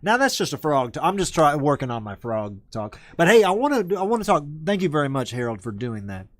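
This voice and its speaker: A man's voice: a little high, very animated, brisk. Rambling male host. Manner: rambling, self-correcting. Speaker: show host. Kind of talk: casual live-stream chat.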